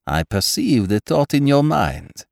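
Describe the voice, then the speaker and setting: A man's voice: mid-range voice, very animated, measured pace, vocal fry, no echo, studio quality, voice pushed up. A man voicing a courteous, clever male detective who speaks precisely.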